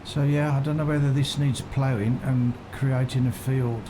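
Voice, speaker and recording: A man gives casual live-stream commentary on a farming game, pondering unsurely and engaging viewers. Medium in pitch with fairly even intonation, he talks at a moderate pace amid constant background noise.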